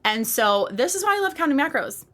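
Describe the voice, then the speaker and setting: Female podcast host, 30s, bright forceful tone, passionate and blunt. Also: sits high, sing-song, fairly quick. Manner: passionate, emphatic, candid with casual swearing. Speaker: podcast host and fitness coach. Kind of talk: solo podcast monologue.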